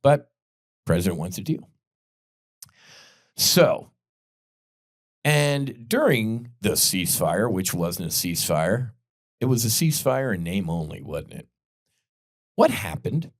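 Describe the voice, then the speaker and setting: A man's voice: lowish voice, very animated, takes it slowly, long pauses, no room sound, studio quality. A man hosting a podcast, delivering blunt, heated political commentary full of profanity. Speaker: podcast host.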